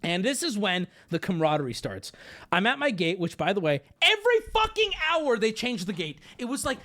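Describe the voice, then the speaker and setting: A man hosting a livestream, telling a rambling, profane travel story in clipped, animated fragments. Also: sits high, a little fast. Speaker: streamer host.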